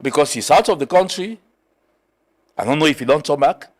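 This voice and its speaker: Animated Sierra Leonean man telling stories. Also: fairly high pitch, brisk. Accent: Sierra Leonean, Krio. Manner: animated storytelling, mixing Krio and English. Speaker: politician guest. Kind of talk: political talk show discussion.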